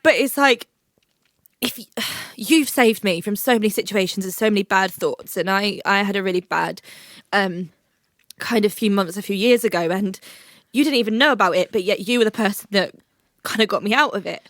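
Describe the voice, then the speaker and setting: Young woman, protective, swears, emotional, mid pitch, dry room. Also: normal speed, no echo. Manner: warmly reassuring, protective, sweary. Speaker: podcast co-host. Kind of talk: emotional supportive chat.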